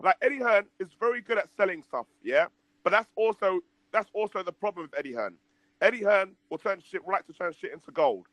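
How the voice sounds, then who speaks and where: A man's voice: sits high, lively intonation, fairly quick, fairly bright tone, dry recording, poor audio. A man in a heated casual debate, stammering and restarting as he argues his case at length. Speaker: debate panelist.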